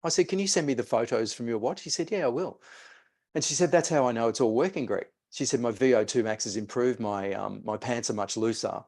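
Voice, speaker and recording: A man's voice: mid-range voice, quick pace, hardly any pauses, darkish tone. A man, a mindset coach telling a client story and guiding a breathing exercise. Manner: storytelling, re-enacts conversations.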